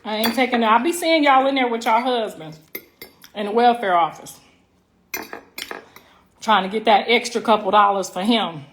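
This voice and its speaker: A middle-aged woman with a high voice hosts a livestream from home, brash, profane and teasing as she talks straight to her viewers. She stretches words out for emphasis, and dishes and cutlery clink faintly behind her. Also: moderate pace, long pauses, a little hiss or hum. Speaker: livestream host. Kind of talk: casual livestream chat. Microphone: phone livestream.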